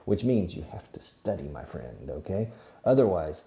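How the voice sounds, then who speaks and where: A man's voice: deep voice, sing-song, moderate pace, gravelly, mellow. A middle-aged man teaching English to camera, drilling phrases with repetition and dropping in Spanish asides. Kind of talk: filmed English lesson to camera. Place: classroom or studio filmed by a camera operator.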